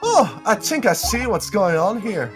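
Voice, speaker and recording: A streamer voicing a boastful Irish gentleman client in a put-on Irish accent, theatrical and blustering, with faint music behind. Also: medium pitch, sing-song, unhurried, pitched above the performer's own voice.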